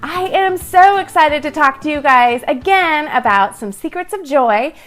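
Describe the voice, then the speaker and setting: Bubbly chatty woman, slightly high voice. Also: animated, a little slow, fairly bright tone, faint music behind. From Southern California, USA. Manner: reads and answers viewer comments aloud. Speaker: blogger and livestream host. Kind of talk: casual livestream chat.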